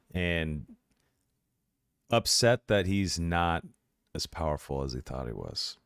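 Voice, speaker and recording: A man playing a tabletop game, narrating his character's actions in a measured, descriptive way. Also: very deep voice, a bit bright, clean tone, no room sound, clean studio sound. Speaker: player.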